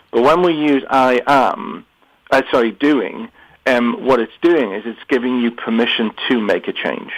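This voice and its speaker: A British man speaks as a guest calling in to a radio talk show. He is earnest and often restarts his words partway through, and his voice sits at a middle pitch for a man. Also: poor audio. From United Kingdom. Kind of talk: interview on mindset. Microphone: phone or remote line.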